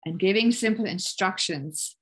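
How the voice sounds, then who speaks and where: A middle-aged woman giving a parenting webinar over a video call, calm and encouraging, explaining with everyday examples. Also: mid-range voice, moderate pace, breathy edge, low-quality recording. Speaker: parenting workshop presenter. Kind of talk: webinar presentation.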